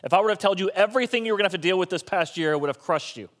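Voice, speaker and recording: A man's voice: high-pitched, rapid-fire, fairly bright tone. A male pastor preaching a sermon in a conversational style with joking asides.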